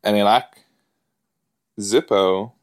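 A man with a lowish voice talks slowly through his reactions to a show. His watch-along commentary is chatty and excitable, peppered with fillers and little gasps. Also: clear, resonant tone. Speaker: podcast host reacting to an episode.

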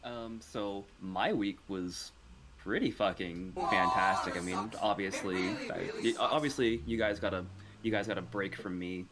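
A man's voice: low-pitched, a little slow, very noisy. A man co-hosting a casual podcast, rambling with restarts and casual swearing. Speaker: podcast co-host. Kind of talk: casual chat.

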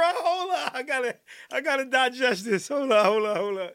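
Male podcast host, very high and bright voice, rowdy, laughs and shouts a lot. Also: moderate pace, clean tone. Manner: excitable, laughs and shouts, keeps saying hold on. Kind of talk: rowdy live podcast chat.

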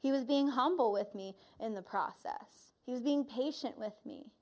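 A woman's voice: fairly high pitch, moderate pace. A woman church leader preaching a sermon, earnestly retelling a vision and reflecting on it.

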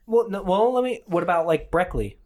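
A man co-hosts a comedy podcast in loose, rambling chat. His voice sits a touch high. He is self-deprecating and often restarts his sentences. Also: expressive, fairly quick, darkish tone. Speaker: podcast co-host.

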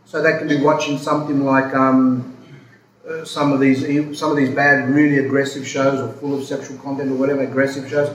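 A man's voice: medium pitch, flat delivery, a little fast, fairly bright tone. A man, an Orthodox priest giving a casual talk, rambling and storytelling with many asides. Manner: rambling, self-interrupting storytelling. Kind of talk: casual spoken talk with questions. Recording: roomy hall, background noise.

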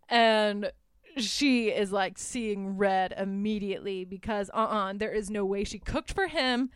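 A young adult woman hosting a podcast, recapping a horror film in a casual, animated way, laughing often and swearing freely. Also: a little high, normal speed, clear, resonant tone, no echo, studio quality. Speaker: podcast host.

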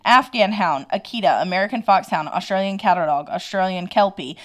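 A woman co-hosting a podcast in casual chat, giggly and quick to react. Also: medium pitch, fairly bright tone. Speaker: podcast co-host.

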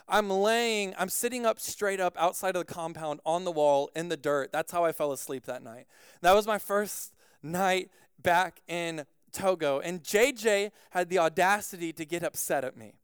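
A man preaching a sermon as pastor, telling a personal story in an animated way with frequent "like" fillers. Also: high-pitched, smooth, dry recording, clean studio sound.

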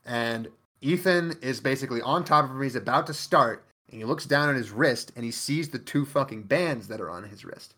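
A man's voice: mid-range voice, moderate pace, few pauses, sharp tone. A man co-hosting a podcast, casually recapping an anime in a profane, emphatic way. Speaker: podcast co-host.

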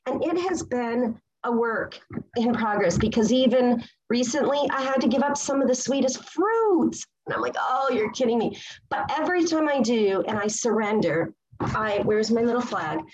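A woman's voice: a little high, rough recording. A woman in her forties giving a personal testimony at a recovery meeting, gushing with enthusiasm and stopping now and then to hunt for a word. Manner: excitable, gushing, pausing to search for words. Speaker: speaker sharing at a recovery meeting.

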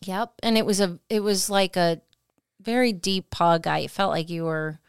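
A woman co-hosting a podcast, telling a personal story in a lively way and acting out her own past words. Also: fairly low pitch, moderate pace, vocal fry, clear, resonant tone, dry recording, clean studio sound. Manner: animated, acts out her own past lines. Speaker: podcast co-host. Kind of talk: storytelling conversation.

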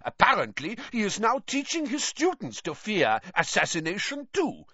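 Guy doing a sneery cold headmaster, higher voice, muffled. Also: huge pitch swings, normal speed, bright, forceful tone, husky, no room sound, exaggerated voice. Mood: sneering. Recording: dull, slightly lo-fi.

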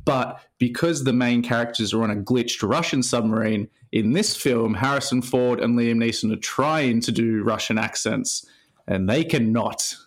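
A man co-hosting a casual podcast, talking through films with quick, laughing banter. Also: medium pitch. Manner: laughing, energetic movie banter. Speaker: podcast co-host. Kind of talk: casual chat.

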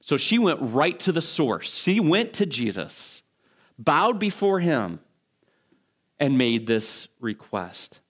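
A man's voice: on the high side, sing-song, slow pace, a bit bright. A male pastor preaching a sermon in a conversational, storytelling way, with asides and restarts.

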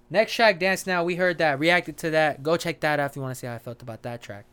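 Excited man reacting to an album. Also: fairly high pitch, fast talker, hardly any pauses, clean tone. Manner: excitable, swears freely, hypes tracks. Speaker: music reaction host.

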